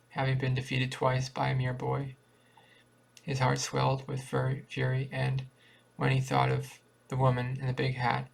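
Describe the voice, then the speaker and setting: A man reading a short story aloud in a plain, steady way with small restarts. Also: medium pitch. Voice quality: creaky. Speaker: reader.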